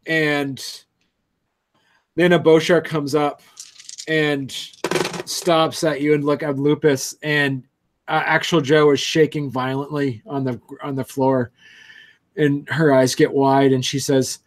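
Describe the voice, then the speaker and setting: A man's voice: a little high, little pitch movement, slow pace, long pauses. A man narrating a tabletop game as game master, hesitant, with many ums and restarts.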